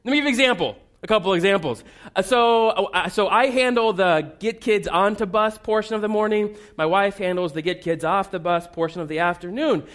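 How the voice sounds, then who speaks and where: A man's voice: high-pitched, fairly quick, fairly bright tone. A man preaching a sermon as a pastor, telling funny family stories in a conversational, self-deprecating way.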